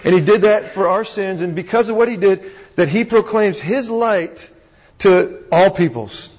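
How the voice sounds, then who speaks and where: A pastor preaches to a live audience in a conversational style, posing rhetorical questions and frequently restarting his sentences. His high voice has a darkish, slightly rough tone and a measured pace. The recording is dull, made in a reverberant hall.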